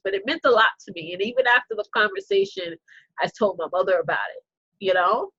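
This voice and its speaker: A woman's voice: medium pitch, big pitch swings, fast, pushed and bright, breathy edge, dry recording. Impassioned woman coach, dry lo-fi sound. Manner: impassioned and preachy, repeating phrases for emphasis; talks straight to her audience as y'all and ladies. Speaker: business coach. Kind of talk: motivational live-stream talk. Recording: dull lo-fi recording.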